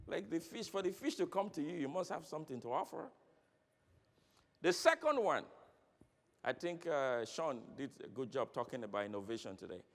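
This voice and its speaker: A man giving a motivational keynote speech at a conference, telling stories with acted dialogue and questioning the audience. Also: on the high side. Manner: animated, storytelling with acted dialogue. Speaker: keynote speaker. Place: large conference hall. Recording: long reverb of a large hall.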